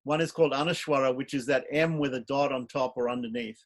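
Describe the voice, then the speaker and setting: A man's voice: mid-range voice, fast talker. Man teaching a class on mantras. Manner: explanatory, chants mantras aloud. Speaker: teacher of ritual. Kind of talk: online class lecture.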